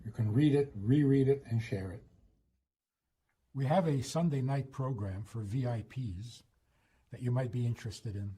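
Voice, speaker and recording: A man, a rabbi, giving a storytelling talk, speaking slowly and emphatically and acting out the quoted voices. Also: medium pitch, dark tone, breathy edge. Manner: slow, emphatic, acts out quotes. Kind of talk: storytelling lecture.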